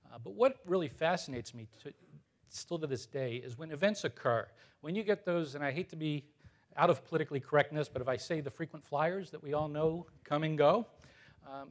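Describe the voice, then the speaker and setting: A man in his fifties giving a conference talk to an audience, loose and conversational with many filler words and light self-deprecating humor. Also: a little high. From United States. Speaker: conference presenter.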